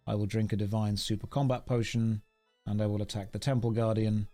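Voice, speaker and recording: A man's voice: fairly low pitch, little pitch movement, brisk, warm tone, faint music behind. A man from the UK chatting casually on a live stream while he plays, rambling, wry and self-mocking as he thanks viewers. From United Kingdom.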